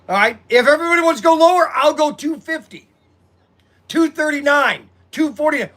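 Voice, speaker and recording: A man who runs a hobby shop chats casually on a livestream, rambling animatedly and talking directly to viewers. His voice is very high and fairly quick, recorded on a phone set on a tripod.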